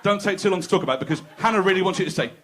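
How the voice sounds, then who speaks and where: A man's voice: high voice, very fast, a bit bright. A man doing a crude, conversational stand-up set, teasing the crowd. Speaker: stand-up comedian. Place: comedy club stage.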